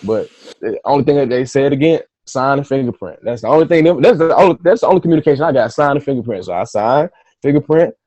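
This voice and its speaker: Man telling a story, dark mellow tone. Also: mid-range voice, fast talker, no echo, muffled recording. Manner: animated, profane, acts out his own reactions. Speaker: podcast guest, author. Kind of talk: casual storytelling.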